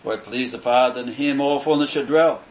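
A man preaching a sermon, emphatic and declamatory, repeating phrases for stress and pausing between them. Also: medium pitch, poor audio. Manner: measured, declamatory delivery with pauses between phrases.

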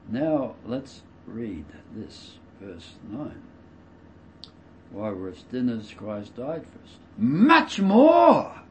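A man preaching a verse-by-verse sermon. He stresses key words loudly, drops into quiet asides, and explains with everyday examples. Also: fairly low pitch, slight background noise. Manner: emphatic, swings between loud stresses and quiet asides. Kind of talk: expository sermon.

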